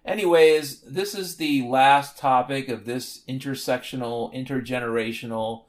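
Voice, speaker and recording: A man's voice: medium pitch, steady tone, moderate pace, few pauses. A man hosting a solo podcast, talking in a rambling, sardonic and profane way. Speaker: podcast host.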